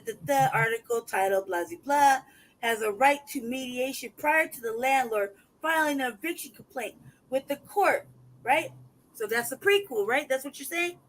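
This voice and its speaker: A very high-pitched man from the United States vents as a podcast host in a heated, casual rant. He's angry and heavily profane, breaking into loud outbursts, and the audio quality is poor.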